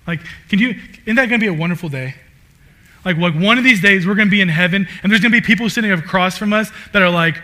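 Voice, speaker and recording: A male pastor preaching a sermon to his congregation, animated and emphatic, swinging from loud peaks to quiet, reverent lines. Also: on the high side. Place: church sanctuary.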